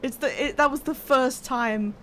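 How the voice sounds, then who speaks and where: A woman streamer chatting casually and excitably while she plays, laughing at herself. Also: high voice, moderate pace, a little hiss or hum. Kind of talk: casual live-stream chat while gaming.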